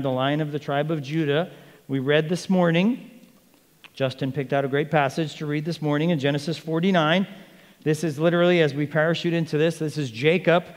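A man preaching a sermon as pastor, animated, acting out the voices of the people he quotes. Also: on the high side. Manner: animated, acts out quoted speech. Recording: long reverb of a large hall.

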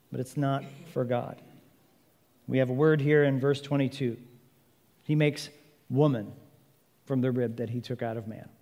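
A man preaching a sermon, an animated storyteller who jokes and acts out little scenes. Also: medium pitch, in a large hall. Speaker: pastor.

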